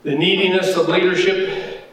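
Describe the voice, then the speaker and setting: A man pastor preaching a sermon, animated and jokey, acting out the characters in the story. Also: high-pitched, moderate pace, slight background noise. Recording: echoey hall from far off.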